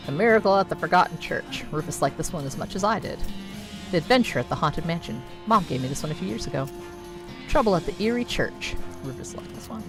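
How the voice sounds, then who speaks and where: Game music runs under this woman's low, gravelly voice as she streams a video game from home, reading the on-screen text aloud with wry, playful asides in a casual commentary.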